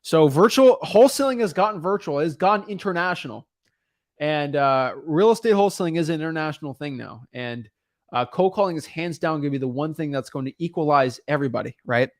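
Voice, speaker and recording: A man hosting a podcast in casual chat, energetic and emphatic, rambling with frequent restarts. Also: fairly high pitch, brisk, no room sound, studio quality. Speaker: podcast host.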